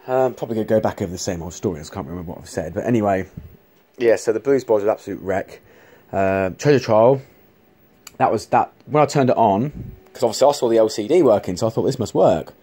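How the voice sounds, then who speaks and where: A man's voice: on the low side, lively intonation, quick pace, dark tone. A man chatting casually to camera, rambling with many restarts and casual swearing. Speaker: vlogger showing arcade machines.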